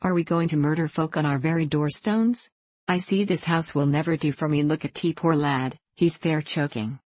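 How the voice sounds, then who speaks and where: A woman's voice: deep voice, moderate pace, darkish tone, no room sound. A woman reading an audiobook and voicing a stout, bustling housekeeper who scolds in rustic dialect but means well. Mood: scolding.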